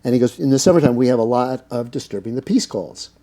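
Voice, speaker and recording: Fast and mellow at a medium pitch, a middle-aged man from the US tells long, loose anecdotes as an interview guest. He owns a cannabis business, leans heavily on fillers, and acts out quoted speech as he goes.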